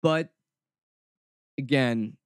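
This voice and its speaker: A man's voice: mid-range voice, extremely slow, clean tone, dry recording, studio quality. A man hosting a podcast, talking in a sarcastic, snarky and mock-dramatic way in casual commentary. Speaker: podcast host.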